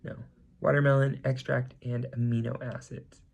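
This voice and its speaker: A man's voice: mid-range voice, little pitch movement, normal speed, vocal fry, lo-fi sound. A young man with a slightly stuffy nose, chatting casually as he does his makeup on camera, rambling and correcting himself as he goes. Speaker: makeup vlogger. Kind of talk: casual get-ready-with-me chat.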